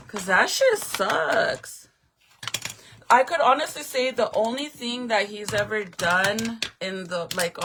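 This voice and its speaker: A woman's voice: medium pitch, pushed and bright. A woman in her thirties chatting casually on a livestream to her viewers, emotional and close to tears. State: tearful. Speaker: livestream host.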